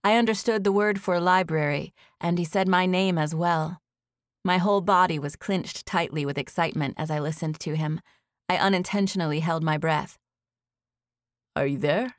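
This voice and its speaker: Low-voiced woman reading an audiobook. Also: normal speed, no echo, studio quality. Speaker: audiobook narrator. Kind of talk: first-person audiobook narration.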